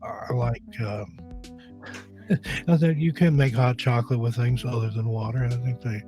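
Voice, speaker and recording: Easygoing host with a scratchy throat. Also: male voice, medium pitch, steady tone, moderate pace, mellow, soft background music. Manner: easygoing, joking, rambling with restarts. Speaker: podcast host. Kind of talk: casual live-stream chat.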